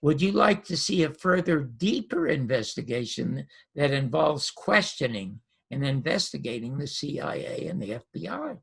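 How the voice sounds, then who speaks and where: A wry, unhurried male district attorney speaks in a dry, measured tone, quoted by a gravelly older man in an interview. The voice stays rough and husky. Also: medium pitch, sing-song, exaggerated voice.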